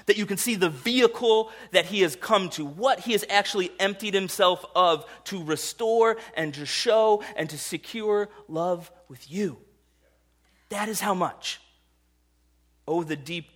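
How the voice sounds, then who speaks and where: A man delivers a sermon with a bright, forceful voice set a little high for a man. He tells stories with animation and slips into the voices of the people in them. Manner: animated storytelling, acts out voices in quoted dialogue. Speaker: pastor.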